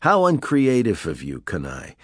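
A man reading an audiobook, voicing a cool, defiant male hero who talks in a calm, dry, cutting way. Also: lowish voice, moderate pace, husky, no room sound, voice pushed up, heavily acted.

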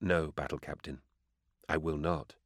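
A man voicing a gentle, sorrowful female saint who speaks softly and solemnly. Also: very deep voice, steady tone, measured pace, no echo, clean studio sound. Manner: soft, hushed and solemn.

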